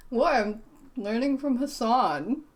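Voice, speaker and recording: A woman streamer casually playing through a game, reading dialogue aloud quickly and joking between lines. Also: fairly high pitch, expressive, noisy background. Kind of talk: casual game playthrough commentary. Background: game music.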